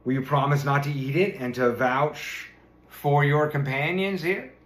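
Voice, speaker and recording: A man's voice: on the high side, steady tone, unhurried, a bit bright. A man voicing a stubborn, indignant farmer in a storybook reading. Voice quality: grumbling, indignant. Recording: roomy echo.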